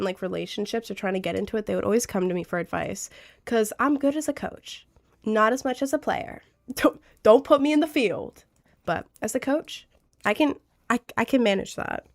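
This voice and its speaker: Young woman streamer, fairly high voice, earnest and rambling advice-giver with lots of "like"s. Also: normal speed. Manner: chatty, earnest, advice-giving with lots of fillers. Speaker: streamer giving relationship advice to chat. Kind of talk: casual livestream chat.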